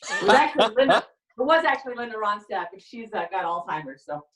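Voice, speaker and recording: A woman doing a stand-up comedy set with a rambling, halting deadpan delivery, often trailing off and restarting. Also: mid-range voice. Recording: echoey room, far from the mic.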